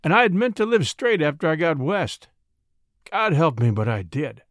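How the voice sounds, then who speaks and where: A bitter, hopeless burglar just out of prison, voiced by a man reading the story. He talks hoarsely and doggedly, with fierce outbursts and a lively, swinging pitch. The sound is close and dry. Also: normal speed, dry recording. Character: desperate bitter ex-convict burglar, middle-aged man.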